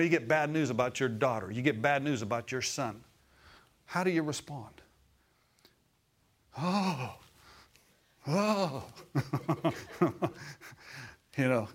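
A middle-aged man delivering a church sermon in a folksy, animated way. He chuckles as he talks and draws responses from the congregation. His voice sits at an ordinary middle pitch. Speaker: preacher.

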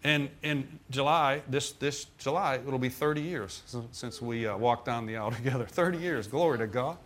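A middle-aged pastor with a medium-pitched, fairly bright voice preaches at a moderate pace. Sharing a personal testimony in a conversational manner, he checks in with the congregation through many asides.

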